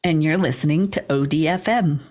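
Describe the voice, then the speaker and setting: Husky-voiced woman trading jokes on a podcast. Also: low voice, darkish tone. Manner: joking listener, quick quips. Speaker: podcast co-host. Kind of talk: casual true-crime chat.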